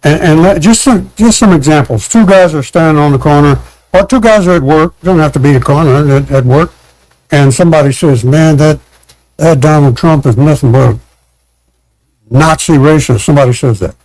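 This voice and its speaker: Guy guest on a talk show, bit high voice, dry sound, acts out quotes and laughs a lot. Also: normal speed, no echo, rough recording. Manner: animated storyteller, acts out quotes, laughs, many restarts. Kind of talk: casual chat.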